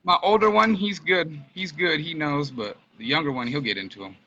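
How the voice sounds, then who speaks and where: A man's voice: a little high, a little fast, pushed and bright, dull audio. A man on a podcast as guest, talking easygoing and slangy in casual chat. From Utah. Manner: easygoing, slangy, trails off with fillers.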